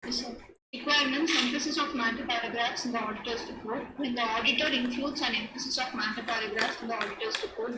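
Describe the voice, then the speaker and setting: A woman with an Indian English accent reads formal text aloud, her voice a little high. She sounds far from the mic in an echoing space, with clear background noise. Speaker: student. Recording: distant, echoey, noisy.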